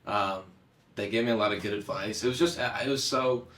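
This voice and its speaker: Low-voiced young man, slightly hoarse. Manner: relaxed, halting, filler-heavy. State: slightly hoarse after singing. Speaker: musician guest. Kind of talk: casual interview answers. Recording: echoey room, a bit far from the mic.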